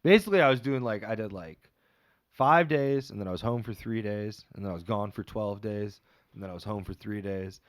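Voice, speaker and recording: A man's voice: on the low side, brisk. Rambling joking man on a podcast. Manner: rambling, jokey storytelling with many fillers. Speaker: stand-up comedian, podcast guest. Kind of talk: casual podcast chat.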